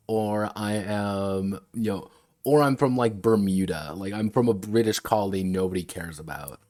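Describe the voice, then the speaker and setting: A man's voice: lowish voice, normal speed, darkish tone, dry recording. A man chatting casually on a stream about designing games, rambling, laughing and swearing freely. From United States. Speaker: game designer streaming a workshop.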